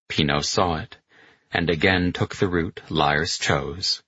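A man narrates a novel in a steady, measured way. His voice is very deep and husky, with a forceful edge. The recording is dry and slightly muffled. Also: no room sound. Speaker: audiobook narrator. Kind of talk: scripted narration of a war novel.

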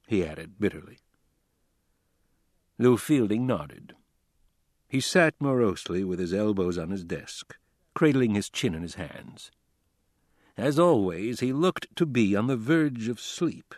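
A male audiobook narrator with a lively, wide-ranging pitch, reading in a measured, expressive way. The sound is dry and close to the mic, with no room echo. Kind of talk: scripted narration.

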